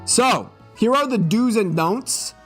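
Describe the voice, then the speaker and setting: A man's voice: high-pitched, expressive, slow, fairly bright tone, soft background music. A young man streaming live, joking and swearing in a mock-serious monologue, a little tipsy.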